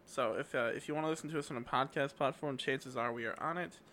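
A man's voice: medium pitch, fast talker, sharp tone, a little hiss or hum. A man co-hosting a casual podcast, rambling through promos with lots of fillers. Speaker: podcast co-host.

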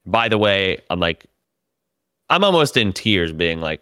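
A man telling profane, animated stories about a comedy tour in casual podcast chat. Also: deep voice, normal speed, clean tone, no room sound. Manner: profane, animated storytelling with laughs.

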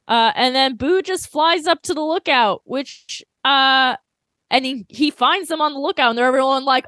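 A woman co-hosting a podcast, recapping an anime episode in casual, animated chat full of laughs and fillers. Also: high-pitched, normal speed, no room sound. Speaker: podcast co-host.

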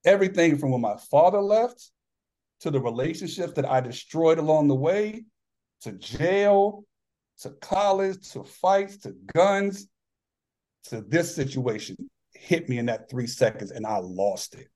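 A man's voice: fairly high pitch, lively intonation, unhurried, mellow. Earnest man telling his story. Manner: earnest, reflective, acts out dialogue in his stories. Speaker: podcast guest, author and former athlete. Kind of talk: candid personal storytelling.

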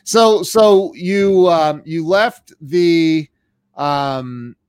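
Male interview host, slightly high, laughs easily, dry. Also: a little mellow, smooth, dry recording. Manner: laughs easily, halting stammered restarts. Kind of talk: casual interview chat.

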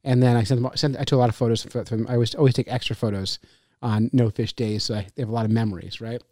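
A man co-hosting a fishing podcast, a laughing, animated storyteller in casual chat. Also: mid-range voice, quick pace, no echo, clean studio sound. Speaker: podcast co-host and fishing guide.

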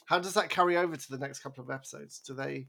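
A man co-hosting a podcast in casual chat, animated and rambling, laughing as he talks. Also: mid-range voice, quick pace, creaky. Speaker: podcast co-host.

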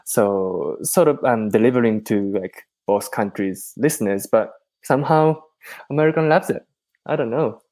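Man, mid-range voice, halting and full of ums, dry close recording; casual podcast guest. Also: mid-range voice, darkish tone, no echo. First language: Japanese. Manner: hesitant, many ums and restarts. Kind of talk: casual interview chat.

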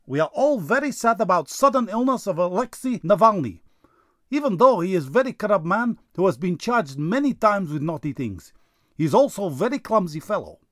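A sly Russian propaganda reporter. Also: male voice, sits high, no room sound, clean studio sound. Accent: put-on Russian. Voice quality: broken English dropping articles, deadpan. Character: sly male Russian state-media correspondent, smug propagandist. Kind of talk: comedy sketch.

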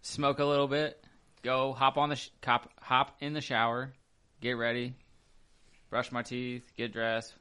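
A man's voice: medium pitch, monotone, unhurried, bright, forceful tone, smooth. A man in casual podcast chat, laying out his morning routine in a matter-of-fact, laid-back way.

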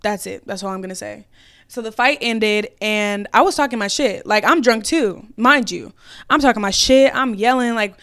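A woman's voice: on the high side, normal speed, clean tone. A young woman hosting a podcast, telling a personal story in a casual way, swearing and acting out what people said. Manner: animated, swearing, acts out quotes. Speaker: podcast host.

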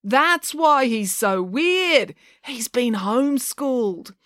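A defiant teenage schoolgirl fires off sarcastic, blunt retorts in a raised, lively voice, as a woman reads her lines. Each comeback is cutting and unapologetic. The storybook reading sounds dry and close. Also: fairly high pitch, takes it slowly, no echo, voice pushed up.

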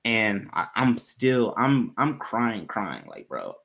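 A man's voice: fairly low pitch, wildly swooping pitch, slow pace, vocal fry, a bit bright. A man in casual conversation, telling a personal story in a candid, loose way with plenty of swearing.

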